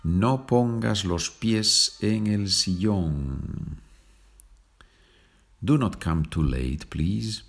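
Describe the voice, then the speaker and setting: Brief Male podcast language teacher, deep husky voice, patient and chatty. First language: Spanish. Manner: slow deliberate example sentences, chatty asides ending in "okay?".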